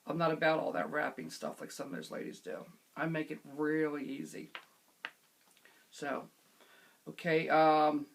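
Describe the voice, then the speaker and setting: Her voice sitting low, a middle-aged vlogger chats casually through viewer questions. She rambles, uses lots of fillers, and occasionally clears her throat.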